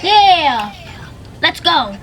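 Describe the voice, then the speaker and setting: A young woman playing a game alongside a friend, playful and quick to laugh, chatting casually. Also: sits high, very animated, a bit bright, a little hiss or hum. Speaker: co-player. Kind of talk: casual gaming chat.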